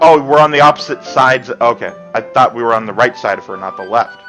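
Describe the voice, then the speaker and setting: A male let's-play gamer reads a visual novel aloud and breaks in with sarcastic, quick reactions and the odd curse. His voice is mid-pitched, with a bright, forceful tone. Faint game music plays underneath. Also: poor audio.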